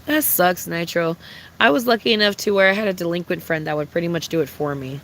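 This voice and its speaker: A young adult livestreamer in casual, unscripted chat with viewers, talking bluntly and with a lot of profanity, ranting with lively swings. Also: mid-range voice, fast, rough recording.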